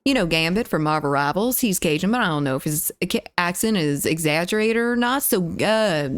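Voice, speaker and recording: A woman with a Southern US accent from the Deep South, chatting casually on a live stream, greeting viewers, reading chat aloud and giggling. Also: lively intonation, fairly quick, clear, resonant tone, no room sound. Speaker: livestreamer.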